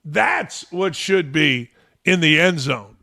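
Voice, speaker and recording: A sports talk host on a sarcastic rant, mocking as he goes. His voice sits a little high for a man and has a gravelly, creaky texture. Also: animated, takes it slowly, pushed and bright.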